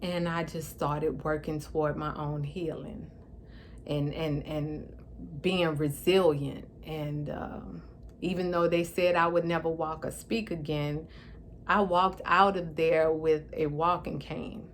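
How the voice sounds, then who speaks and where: A woman vlogger whose voice sits low tells her own story with deep emotion, tearful and pausing to regain composure. Her speech is slightly affected by a stroke, and there's slight background noise.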